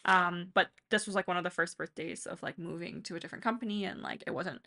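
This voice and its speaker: A woman's voice: lowish voice, fairly even intonation, fast talker, sharp tone. A young woman co-hosting a podcast in casual, rambling chat full of fillers. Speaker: podcast co-host.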